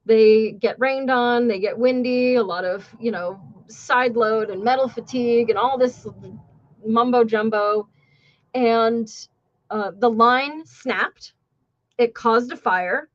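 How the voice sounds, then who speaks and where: Woman, casual storytelling, sarcastic, swears freely, high voice, lo-fi sound. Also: slow pace. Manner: blunt and profane, sarcastic. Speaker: podcast host.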